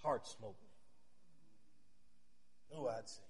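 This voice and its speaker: A middle-aged male pastor giving a sermon. He tells stories in a chatty way, and his loudness swings from shouting to near murmurs. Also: medium pitch, slow, a little hiss or hum. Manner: storytelling, with chatty asides.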